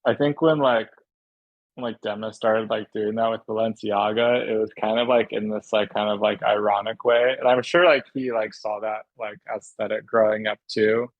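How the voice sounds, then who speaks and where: A man in his thirties, a guest on a podcast, talking in a rambling, hesitant way full of fillers, with a gravelly voice. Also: lowish voice, fairly even intonation, normal speed, no echo, narrow, tinny audio. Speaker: podcast guest, shoe designer. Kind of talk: casual chat.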